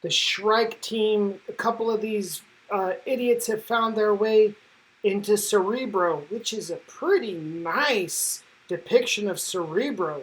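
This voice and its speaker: A woman's voice: mid-range voice, poor audio. A woman giving casual, enthusiastic commentary as a comic book reviewer, slangy and full of fillers.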